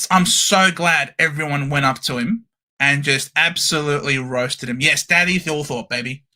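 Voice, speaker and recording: A man hosting a live-stream football watchalong, calling the play with animated cheers and banter. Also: on the high side. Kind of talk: excited live sports commentary.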